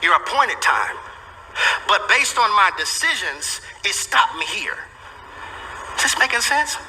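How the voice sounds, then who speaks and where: A man's voice: sits high, very animated, a little slow, sharp tone, a little hiss or hum. A man preaching a sermon as a pastor, emphatic and repeating his key phrases for effect. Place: church sanctuary. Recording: echoey sanctuary with long reverb.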